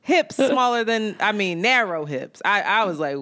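Woman co-host, casual chatty storyteller, animated, quotes people in voices. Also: medium pitch, normal speed. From New York. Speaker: podcast co-host.

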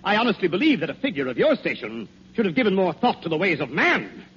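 An actor playing a patient, persuasive old Santa Claus, speaking calm, coaxing rhyming verse in 1940s radio acting. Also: male voice, high voice, fast talker. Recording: dull, faintly hissy old radio recording.

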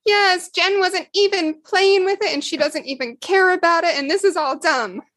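A woman's voice: normal speed, fairly bright tone, no room sound, clean studio sound. A woman voicing an indignant little girl complaining about her sister. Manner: high, complaining, sulky.

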